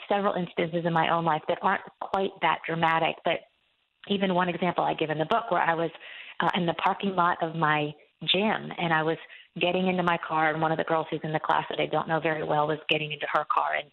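Woman guest, earnest halting storyteller, low-ish gravelly voice, tinny phone line. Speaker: author and guest. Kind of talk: casual Christian radio interview.

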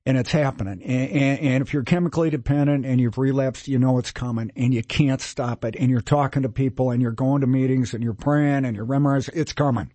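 A man's voice: mid-range voice, brisk, hardly any pauses, dry recording. Candid older man telling his story. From Minnesota, USA. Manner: candid, self-mocking, animated storyteller. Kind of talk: casual storytelling.

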